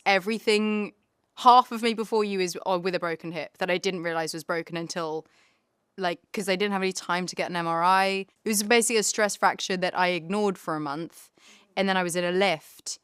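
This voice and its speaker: A woman, chatting in an interview, lively and emotional, laughing and tearing up easily. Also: mid-range voice, clean tone, dry recording, studio quality. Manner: animated, emotional, quick to laugh and tear up. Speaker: actor guest. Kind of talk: casual interview chat.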